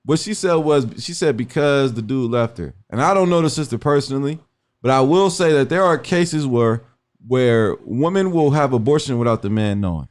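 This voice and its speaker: A man's voice: mid-range voice, animated, normal speed. A man in an earnest, preaching-style radio discussion who quotes scripture and keeps checking that listeners understand. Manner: earnest, cites scripture, asks "you understand?".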